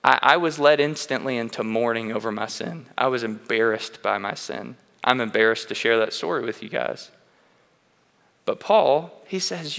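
A man delivers a sermon with a bright, forceful voice, mid-range in pitch. He talks in an earnest, candid way and restarts his phrases as he tells personal stories. His words ring out with the long reverb of a large church hall. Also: normal speed, creaky. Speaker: preacher.

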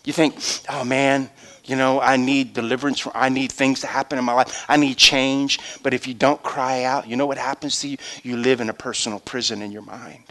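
A middle-aged man preaching a sermon, acting out voices and swinging from hushed asides to shouts. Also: medium pitch, level tone, brisk. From Louisiana.

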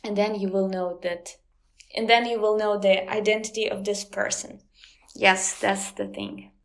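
A woman with a Ukrainian accent speaks at an unhurried pace, pausing often with ums and uhs as she chats as an interview guest. Her voice sits at a middle pitch. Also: lively intonation. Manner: hesitant, many ums and uhs. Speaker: guest, language teacher. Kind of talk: casual interview chat.

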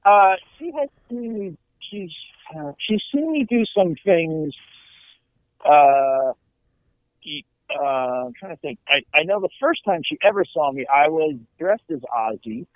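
A man's voice: a little high, measured pace, no echo. A middle-aged man, a comedian, telling a story casually and acting out the people in it. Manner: animated, acts out quotes in character voices. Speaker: comedian guest. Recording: tinny phone-like line, dry.

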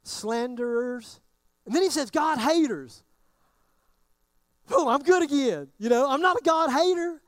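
A man's voice: very high-pitched, lively intonation, moderate pace, no room sound. A man preaching a sermon in a casual, conversational way, often acting out what his listeners might be thinking. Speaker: pastor.

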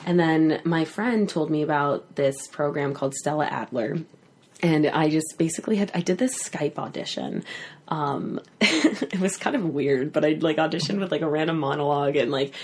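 Guest, woman, 20s, slightly low voice; casual, rambling, laughs often. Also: a little fast, darkish tone, breathy edge. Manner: rambling storyteller with frequent "like" and laughter. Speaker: podcast guest. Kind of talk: casual chat.

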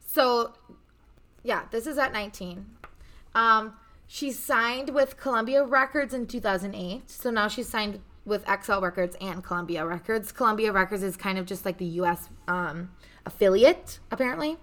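Bright-voiced chatty young woman. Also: mid-range voice, normal speed. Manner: chatty, swears freely, storytelling. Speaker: podcast host. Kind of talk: casual chat.

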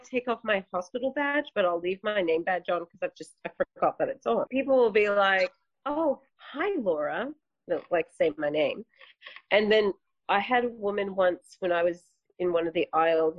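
A young woman, a midwife co-hosting a podcast, telling relaxed anecdotes about being recognized. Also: mid-range voice, moderate pace, no echo, lo-fi sound. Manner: relaxed, anecdotal, acts out quotes. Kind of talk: casual storytelling.

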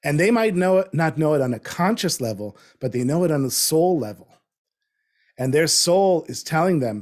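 Man, fifties, slightly high voice, reflective, animated at times, conversational. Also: moderate pace. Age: 50s. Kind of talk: casual conversation.

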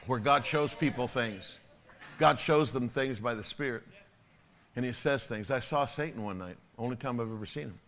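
Bright-voiced, animated male preacher. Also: medium pitch, normal speed, slight background noise. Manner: animated storytelling, swinging between loud and hushed. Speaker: pastor. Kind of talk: sermon.

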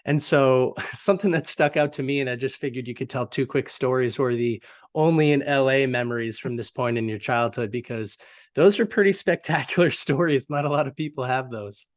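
A man hosting an interview, who reviews books for a living. He frames long, engaged questions and laughs lightly along with his guest. His voice has an ordinary pitch for a man. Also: brisk.

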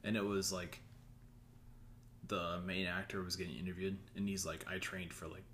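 A man's voice: deep voice, flat delivery, normal speed, a bit bright, a little hiss or hum. A man in a casual chat about films, laid-back, giving short replies and laughing easily.

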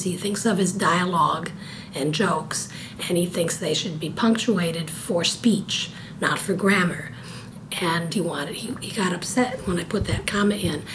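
An older woman with a cold speaks in a lowish voice. She answers interview questions precisely and thoughtfully, slipping in dry jokes. A steady hiss runs under the recording. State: stuffy from a cold. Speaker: guest, copy editor. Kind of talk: conversational interview.

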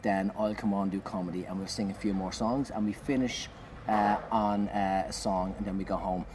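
A man, a comedian, telling an animated anecdote in conversation, swearing and shouting out the lines he acts. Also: fairly low pitch, moderate pace. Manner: animated, swearing, loud acted-out bursts. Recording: noisy background.

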